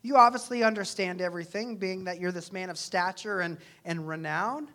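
A preacher voicing a gently sarcastic Jesus. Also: mid-range voice, moderate pace, natural voice.

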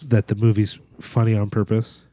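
A man's voice: fairly low pitch, monotone, moderate pace, dark tone, no room sound. A man co-hosting a casual podcast, trading sarcastic, dry one-liners. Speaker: podcast co-host. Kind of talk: casual chat.

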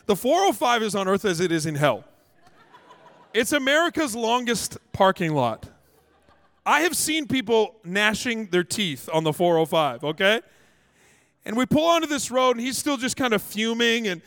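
Male pastor from Canada, sermon, fairly high voice, humorous storyteller, echoey hall. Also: sing-song, fairly quick, fairly bright tone.

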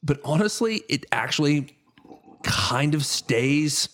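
A man's voice: on the high side, lively intonation, slow, a bit bright. A man hosting a podcast, chatting casually about a movie, laughing often and swearing freely. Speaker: podcast host.

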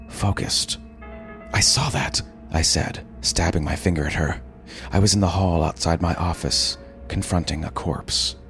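Very deep-voiced male storyteller. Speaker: story narrator. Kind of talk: scripted first-person narration. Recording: music behind the voice.

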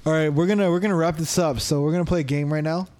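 A man's voice: on the high side, fairly even intonation, rapid-fire, darkish tone. A young man co-hosting a casual comedy podcast who laughs a lot and repeats the others' punchlines. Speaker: podcast co-host.

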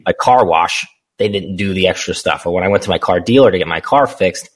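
A man's voice: low-pitched, a little fast. A man guesting on an interview show, talking about his small business in a candid, storytelling way and laughing easily. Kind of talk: casual interview conversation.

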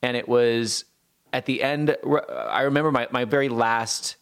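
A man chatting casually as a podcast host, telling a story with lots of restarts and bursts of acted-out yelling. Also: medium pitch, moderate pace, clean tone. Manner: animated, acts out his younger self yelling with lots of restarts.

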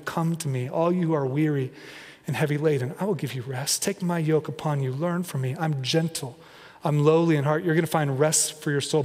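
A male pastor delivers a conversational sermon, his voice sitting a little high for a man. He keeps dropping into animated, playful impressions as he preaches. The sound carries a long reverb from a large church hall. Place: church sanctuary.

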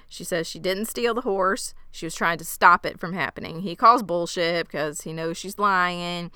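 A woman's voice: on the low side, normal speed, few pauses, smooth, no echo, clean studio sound. A young woman co-hosting a casual chat, recapping a story and acting out characters' lines with lots of laughter. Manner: animated, acts out characters' lines, laughs often. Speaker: podcast co-host recapping a game.

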